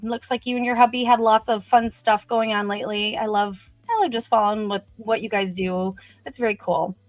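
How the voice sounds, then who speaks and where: A woman's voice: mid-range voice, fairly even intonation, fairly quick, dry recording, faint music behind. A woman hosting a casual livestream, greeting viewers and chatting upbeat with lots of "you know" fillers. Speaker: host of a brand livestream.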